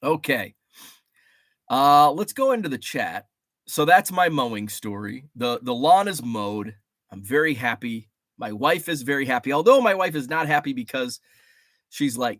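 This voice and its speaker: A man hosting a casual livestream from a home studio, his voice swinging widely in pitch as he rambles and calls out viewers in the chat. He sounds a little stuffy from allergies, and the studio mic gives a close, dry sound with no room echo. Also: moderate pace. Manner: rambling and animated, reading chat names aloud with greetings. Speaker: livestream host.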